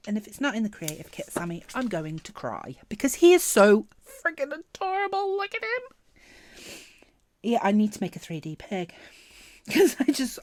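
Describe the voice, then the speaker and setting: Gushing woman with a lively voice. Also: on the low side, no echo. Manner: gushing, excitable, trails off mid-sentence. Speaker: planner vlogger. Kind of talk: casual unboxing chat.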